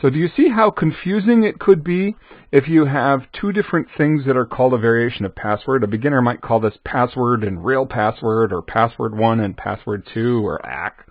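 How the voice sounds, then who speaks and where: A man's voice: mid-range voice, normal speed, no echo. A man gives a screen-recorded coding lesson, chatting with the viewer and answering his own asides. The recording is dry and slightly dull, with little room around the voice. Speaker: programming instructor.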